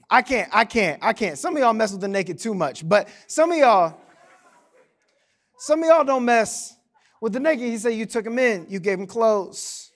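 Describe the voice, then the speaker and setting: High-voiced animated male preacher. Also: normal speed. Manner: animated, joking asides to the congregation. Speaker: pastor. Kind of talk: sermon.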